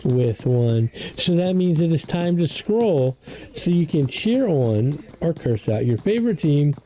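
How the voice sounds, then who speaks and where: An esports caster doing play-by-play commentary, chatty and excitable, with the voice jumping up on every knockdown. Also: measured pace, poor audio. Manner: excitable, pitch jumps on knockdowns; chatty asides about the broadcast controls.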